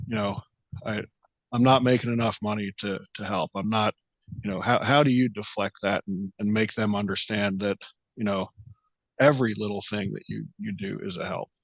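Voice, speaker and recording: A man with a lowish, steady voice hosts a podcast interview at normal speed, with no echo. He talks casually and rambles, circling back through his questions and leaning heavily on fillers like "you know."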